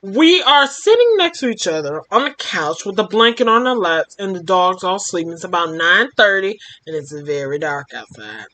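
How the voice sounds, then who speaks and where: A woman's voice: on the low side, sing-song, moderate pace, few pauses, bright, forceful tone. A young woman hosting a storytime show, reading a fan story aloud and reacting with laughs. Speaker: storytime host.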